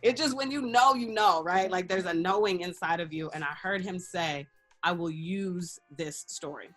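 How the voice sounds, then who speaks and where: Speaking at a moderate pace in a fairly low voice, this woman is a life coach and radio personality appearing as a guest in a casual interview. She recounts a personal story candidly and expressively, voicing other people's lines herself and breaking into laughter often, over soft background music.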